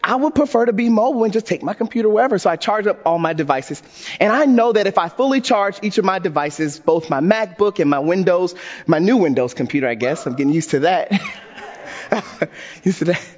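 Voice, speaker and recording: Male pastor, high voice, lively humorous sermon, long reverb, muffled recording. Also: quick pace. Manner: animated storytelling with self-deprecating humor.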